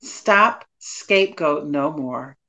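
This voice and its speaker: A woman's voice: sits low, lively intonation, slow, bright, forceful tone. A woman minister and author, a guest on a podcast, speaking in an encouraging preacher's cadence. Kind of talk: podcast interview chat.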